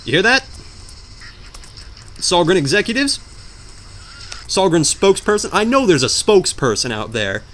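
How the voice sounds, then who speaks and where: A man's voice: sits high, very animated, normal speed, long pauses, a bit bright, a little hiss or hum. A young man doing let's play commentary while gaming, rambling and joking with melodramatic outbursts. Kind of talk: game commentary.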